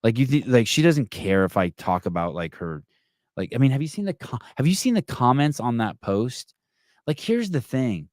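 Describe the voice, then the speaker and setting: A man's voice: mid-range voice, very animated, normal speed, a little mellow, dry recording, studio quality. A man hosting a podcast, chatting casually, swearing freely and stumbling through restarts as he reads viewer comments aloud. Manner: profane, rambling, self-mocking, with many stammered restarts. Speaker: podcast host. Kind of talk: casual live-stream chat, reading viewer comments.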